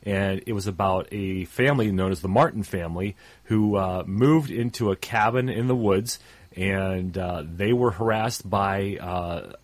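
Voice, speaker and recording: A man's voice: sits low, unhurried, no room sound. A man co-hosting a radio show in casual talk, stuffed up, rambling with many fillers and trailing off at phrase ends.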